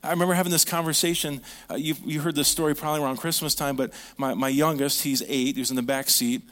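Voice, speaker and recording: A pastor preaches a sermon, telling stories conversationally, putting questions to the audience, and dropping to a hush on key points. His voice is fairly high with fairly even intonation, and he talks quickly.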